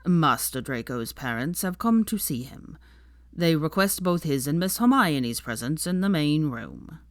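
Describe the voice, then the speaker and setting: A woman voicing a croaky, servile old male house elf in a storybook reading. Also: deep voice, animated, measured pace, no echo, studio quality. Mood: fawning. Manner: servile, speaks of himself in third person.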